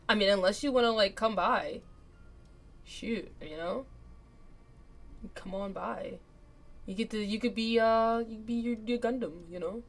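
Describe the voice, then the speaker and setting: Young woman streamer, excitable and chatty, reads game text with quick asides, mid-range voice. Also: medium pitch. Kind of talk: let's play game commentary.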